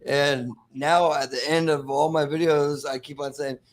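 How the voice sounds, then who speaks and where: A man on a live stream as a guest, explaining credit questions in a relaxed, chatty way. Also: fairly high pitch, normal speed. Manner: relaxed, explanatory, laughs easily. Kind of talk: casual live stream chat.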